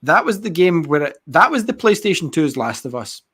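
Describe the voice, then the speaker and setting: A man co-hosting a podcast, chatting casually in an excitable, sweary and rambling way. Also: on the high side, a little fast, husky. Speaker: podcast co-host. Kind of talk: casual chat.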